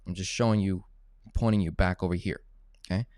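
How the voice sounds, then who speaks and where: A man's voice: low-pitched, fairly even intonation, a little fast, a little mellow, no room sound, studio quality. A man teaching personal finance in a casual coaching tone, often checking in with "right?" and "okay?". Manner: coaching, tag questions like "right?" and "okay?", acts out phone calls. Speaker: finance educator.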